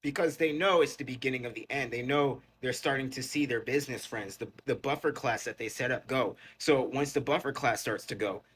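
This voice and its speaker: Brief: male street-style preacher, middle pitch, fiery, profane and relentlessly repetitive. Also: brisk, hardly any pauses, a bit bright, a little hiss or hum. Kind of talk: impassioned religious rant.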